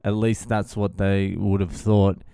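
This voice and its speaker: A man's voice: deep voice, fairly even intonation, measured pace, creaky, warm tone, clean tone, no room sound, studio quality. A man in his thirties telling a story in a casual, profane and exasperated way. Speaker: vlogger.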